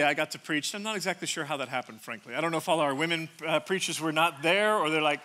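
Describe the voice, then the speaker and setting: A man around sixty delivers a relaxed, conversational sermon from a church stage. His voice sits high and rings bright. He teases the congregation and pokes fun at himself, often starting a sentence twice before it lands. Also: fast, few pauses. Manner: joking, self-deprecating, chatty with restarts. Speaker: pastor.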